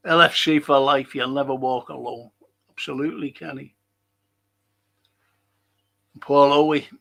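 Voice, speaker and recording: Slow, gravelly man hosting. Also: medium pitch, fairly even intonation, fairly bright tone. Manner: chatty, swears, reads comments aloud and answers them. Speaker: host reading viewer comments. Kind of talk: casual live-stream chat.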